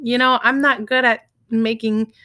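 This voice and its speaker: A woman's voice: fairly high pitch, fairly even intonation, measured pace, sharp tone, no echo, studio quality. Chatty woman telling a story. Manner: chatty, laughs often, many fillers. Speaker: vlogger. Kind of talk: casual storytelling vlog. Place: home in Texas.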